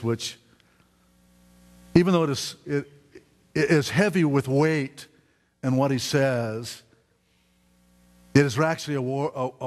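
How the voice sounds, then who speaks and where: A man preaching a sermon in a church, earnest and prone to stammered restarts. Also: mid-range voice. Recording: reverberant hall.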